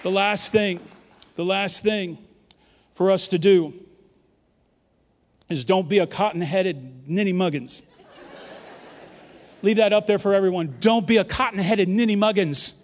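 A man in his fifties from New York, a pastor preaching an animated, joking sermon and leading the congregation in call-and-response. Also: high voice, unhurried, pauses often, some chatter behind. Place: large church auditorium. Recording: long hall reverb from a large church.

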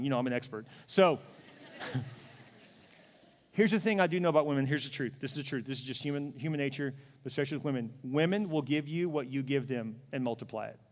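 Animated high-voiced preacher in a reverberant hall. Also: male voice. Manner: animated, acts out little scenes with voices; repeats punchy phrases, asks the crowd questions. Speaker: pastor. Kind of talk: sermon.

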